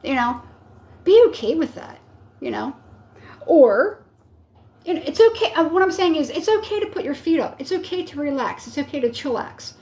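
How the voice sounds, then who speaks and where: A woman with a high voice gives a live tarot reading. She talks casually and rambles a little, warmly urging her listeners on. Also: sing-song, normal speed. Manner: casual, encouraging, rambling with many fillers. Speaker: tarot reader.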